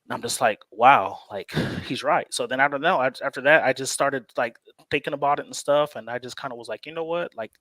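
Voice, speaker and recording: A man's voice: medium pitch, a little fast, a bit bright, dry recording. A man co-hosting a casual sports chat, telling a personal story at an easy pace and laughing often. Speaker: co-host.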